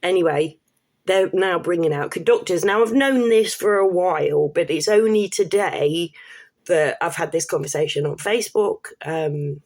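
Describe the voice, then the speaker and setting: A woman's voice: on the low side, normal speed, a little mellow. Sweary woman ranting to camera. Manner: rambling, sweary, laughing asides. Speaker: vlogger. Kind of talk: casual rant to camera.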